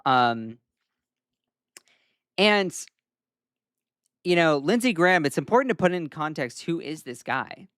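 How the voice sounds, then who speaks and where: A man's voice: fairly high pitch, big pitch swings, unhurried, long pauses, fairly bright tone, no echo, clean studio sound. Chatty Southern man hosting news commentary. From Southern United States. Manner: casual, chatty, frequent "um" fillers, wry asides. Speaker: host.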